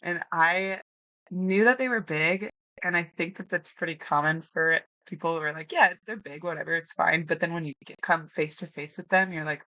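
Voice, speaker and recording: A young woman guest telling lively stories in a casual interview, acting out quotes and laughing often. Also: fairly low pitch, normal speed, no room sound, muffled recording. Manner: animated storyteller, acts out quotes, laughs often. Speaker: podcast guest, new hunter.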